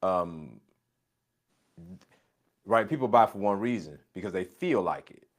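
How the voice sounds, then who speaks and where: A man's voice: low-pitched, lively intonation, a little slow. Emphatic man coaching in a casual chat. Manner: emphatic, repeats catchphrases. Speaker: business coach.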